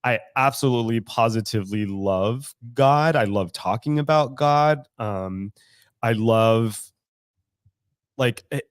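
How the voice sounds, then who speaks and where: This co-host of a casual podcast, from the San Francisco Bay Area, speaks openly about his faith in a studio room, swearing and laughing freely. He has a clear, resonant mid-range voice and a measured pace, with dry, studio-quality sound.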